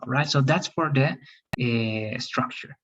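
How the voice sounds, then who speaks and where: A teacher giving feedback and pronunciation drills in an online English class, patiently repeating words slowly. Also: medium pitch, fairly bright tone, lo-fi sound.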